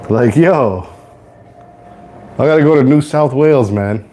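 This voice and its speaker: A young man from Toronto hosting a casual live cooking stream, rambling to viewers in relaxed slang from his home kitchen. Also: mid-range voice, measured pace, a little hiss or hum. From Toronto, Canada. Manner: laid-back rambling slang-heavy talk to viewers. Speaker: livestream host.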